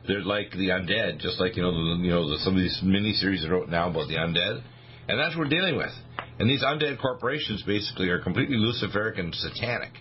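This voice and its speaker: A man hosting a radio talk show, emphatic and preachy in his asides. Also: deep voice. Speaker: radio host. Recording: dull lo-fi radio audio with faint hiss.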